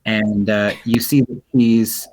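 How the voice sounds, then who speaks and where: A man's voice: fairly low pitch, level tone, slow, darkish tone, poor audio. A man narrating as game master of an online tabletop game, describing scenes with frequent fillers and restarts. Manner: descriptive, hesitant with many fillers.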